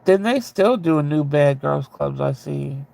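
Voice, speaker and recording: A man chatting casually with viewers, rambling and candid, with a ready laugh and a gravelly voice. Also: fairly high pitch, expressive, measured pace, a little mellow. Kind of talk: casual chat.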